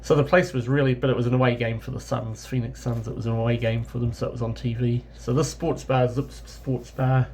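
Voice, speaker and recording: Rambling New Zealand man with gravelly voice. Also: mid-range voice, flat delivery, fairly quick, hardly any pauses, darkish tone, slight background noise. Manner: rambling anecdotal, with many self-corrections and fillers. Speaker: travel vlogger. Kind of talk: casual travel storytelling.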